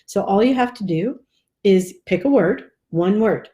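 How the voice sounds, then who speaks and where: A woman's voice: medium pitch, animated, a little slow, warm tone. A woman dog trainer giving casual live advice in a chatty, rambling way with frequent fillers. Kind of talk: casual live video tip.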